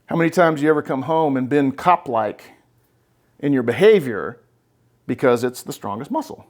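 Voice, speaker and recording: A man's voice: mid-range voice, animated, normal speed. A man hosting a podcast as a therapist, talking bluntly and with swearing, and often checking in with "right?". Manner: blunt, profane, emphatic, keeps checking with "right?". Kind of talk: casual podcast conversation.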